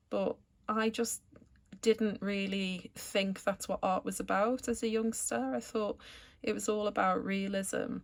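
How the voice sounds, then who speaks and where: A woman calmly explaining each step of a watercolour painting as she works, as an art tutor. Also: mid-range voice, vocal fry. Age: adult, returned to art after school years. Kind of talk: painting tutorial narration while working.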